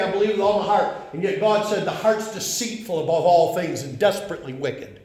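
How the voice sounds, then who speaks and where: A middle-aged man with a drawl preaching a sermon in a folksy, emphatic manner. His voice sits a little high for a man. He swings between loud, driving bursts and low, intense murmurs, and it all rings around a very echoey room. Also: a little fast, hardly any pauses.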